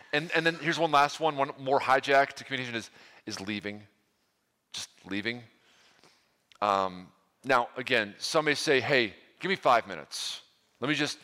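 A man's voice: mid-range voice, pushed and bright. A middle-aged male pastor preaching in a casual, earnest way, with many restarts and asides. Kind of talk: conversational sermon to a live room. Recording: long hall reverb.

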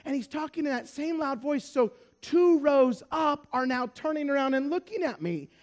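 A man's voice: very high voice, normal speed. A man preaching a sermon, telling a story with acted-out dialogue. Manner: animated storyteller acting out dialogue.

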